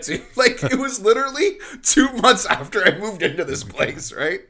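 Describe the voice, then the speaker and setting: A man's voice: a little high, expressive, a little fast, hardly any pauses, pushed and bright. A man co-hosting a podcast, chatting casually, swearing freely and laughing as he tells stories. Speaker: podcast co-host. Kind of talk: casual chat.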